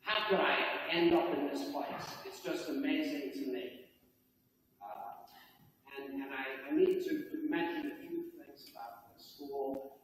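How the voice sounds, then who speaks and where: Older male coach type, folksy and heartfelt, high lively voice, far-off mic with long hall reverb. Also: slight background noise. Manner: heartfelt, folksy, animated delivery. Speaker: inductee giving acceptance speech. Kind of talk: ceremony speech. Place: banquet hall. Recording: distant mic in echoey hall.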